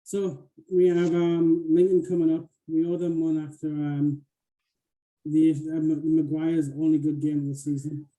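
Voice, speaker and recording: A man's voice: a little high, little pitch movement, unhurried, warm tone, rough recording. A middle-aged man hosting a podcast, chatting casually and making wry, dry remarks. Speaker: podcast host. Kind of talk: casual chat.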